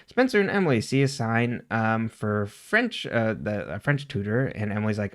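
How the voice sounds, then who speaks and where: Male podcast co-host, mid-pitch, chatty recap delivery with quick laughs. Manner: animated retelling, quoting characters, laughs often. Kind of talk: casual recap chat.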